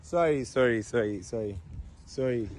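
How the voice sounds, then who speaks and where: A man's voice: mid-range voice, lively intonation, normal speed, darkish tone, low-quality recording. Nigerian man soothing and apologizing. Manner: repetitive, apologetic, soothing with frequent laughs. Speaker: prank video host. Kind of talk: casual prank banter.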